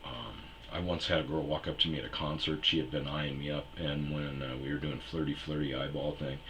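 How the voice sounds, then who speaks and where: A man's voice: extremely low pitch, steady tone, brisk, fairly bright tone, slight background noise. A young man telling a rambling, crude personal anecdote in casual chat. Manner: rambling anecdote with crude humor and acted quotes. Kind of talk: casual storytelling.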